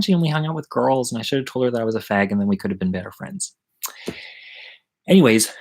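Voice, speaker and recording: A man's voice: medium pitch, fast talker, vocal fry, poor audio. A middle-aged man telling a story from his childhood in a chatty, rambling way, swearing freely, as the host of an online story hour. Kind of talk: casual live-streamed storytelling.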